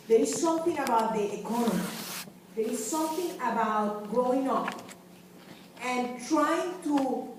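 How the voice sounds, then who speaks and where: A woman in her fifties from Venezuela, giving a passionate, emphatic lecture to students and repeating her key phrases. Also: on the high side. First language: Spanish. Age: 50s. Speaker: guest lecturer, community health director. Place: university lecture hall. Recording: very echoey hall, distant mic, faint hiss.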